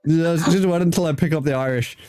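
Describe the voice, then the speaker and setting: A man's voice: a little high, fairly quick, darkish tone, no echo, clean studio sound. A man hosting an interview show, chatting casually with a guest, laughing often and swearing freely. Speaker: host. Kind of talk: casual chat.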